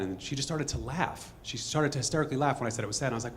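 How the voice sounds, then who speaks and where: A man telling a true story on stage to a live audience in a fast, conversational way, acting out bits of dialogue. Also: mid-range voice, slight background noise.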